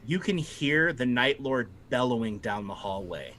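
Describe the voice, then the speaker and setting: Man, game master, casual rambling narration, tabletop game, bright voice. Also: medium pitch, very animated, unhurried, a little hiss or hum. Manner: casual, rambling, many fillers.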